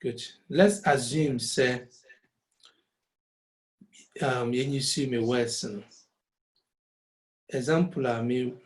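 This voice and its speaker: A man's voice: medium pitch, extremely slow, long pauses, rough recording. A man teaching a music lesson over a call, explaining step by step and slipping Twi phrases into his English. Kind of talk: online lesson.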